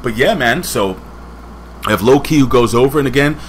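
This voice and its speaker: A man's voice: medium pitch, a little fast, a little hiss or hum. A man casually reviewing a wrestling show, rambling with joking asides and chatting to a friend off camera.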